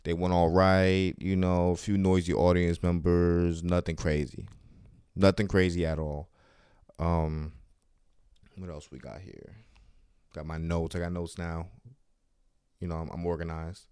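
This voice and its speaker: Speaking low and in a monotone, this New York comic tells casual, profanity-laced, slang-filled stories about his week on his solo podcast. He keeps a measured pace with frequent pauses, and his mellow, clear, resonant voice is captured in a clean studio with no room sound.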